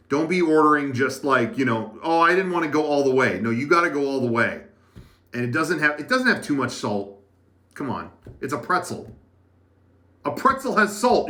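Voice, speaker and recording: This man's voice sits in the mid range and has a sharp tone. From an editing room, he hosts a laid-back livestream, chatting to viewers in the live chat in a rambling way, full of fillers and restarts.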